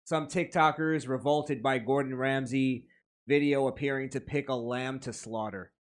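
A man's voice: mid-range voice, fairly even intonation, moderate pace. Blunt, profane podcast co-host man. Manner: blunt, profane, reads news quotes aloud. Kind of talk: casual podcast banter.

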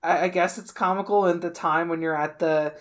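A young woman weighs in on a film with blunt, casual opinions, pausing to hunt for the right words. Her voice sits a little low for a woman. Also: steady tone. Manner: frank, searching for words. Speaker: podcast co-host. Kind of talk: casual movie discussion.

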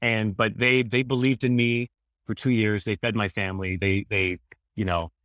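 A man's voice: on the low side, little pitch movement, moderate pace, a bit bright, no echo, clean studio sound. A man in his thirties talking casually as a guest, earnest and rambling, often restarting his sentences. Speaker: guest, former radio host. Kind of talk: casual conversation.

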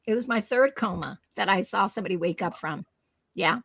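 A middle-aged woman from New Jersey, a guest telling animated stories in a conversation and acting out quoted voices. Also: medium pitch, brisk, vocal fry, no echo. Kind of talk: storytelling in a conversation.

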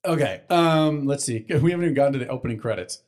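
A young man co-hosting a casual podcast, swearing freely and rambling as he recaps a cartoon episode, jumping into quick character voices. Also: medium pitch, lively intonation, darkish tone. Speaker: podcast co-host.

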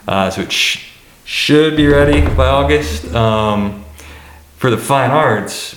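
Low-voiced man, halting and echoey. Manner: hesitant, many fillers and restarts. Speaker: college administrator. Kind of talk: panel discussion answer.

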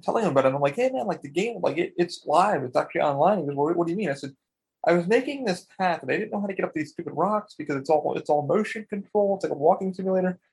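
A man co-hosting a podcast in casual chat, rambling and excitable, swearing a lot and acting out what people said. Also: fairly high pitch, rapid-fire, few pauses, breathy edge. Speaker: podcast co-host.

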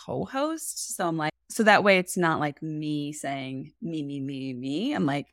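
A woman's voice: low voice, animated, a little slow, hardly any pauses, no room sound, clean studio sound. A woman co-hosting a podcast who talks in a casual, effusive and emotional way. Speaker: podcast co-host. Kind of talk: casual chat.

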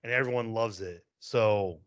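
A man co-hosting a casual podcast chat, briskly moving the show along. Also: on the low side, no echo. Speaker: podcast co-host. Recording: dry, dull lo-fi sound.

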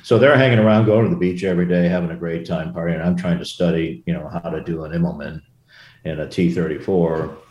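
An older man with a low, mellow voice recalls his flying days in a relaxed interview. He rambles, restarting sentences and wandering into asides. The room around him sounds echoey. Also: fast talker, muffled recording. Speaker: former Marine aviator guest. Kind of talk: casual interview storytelling. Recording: roomy echo.

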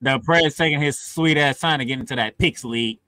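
A man's voice: mid-range voice, a little fast, bright, forceful tone, no echo. A man co-hosting a football podcast, teasing and bantering playfully with his co-hosts. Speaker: podcast co-host. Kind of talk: casual sports chat.

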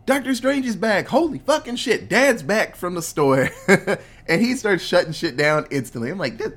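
Brief: podcast co-host, excitable and profane, very animated pitch. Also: moderate pace. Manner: excitable, profane, laughing often. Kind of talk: casual movie recap.

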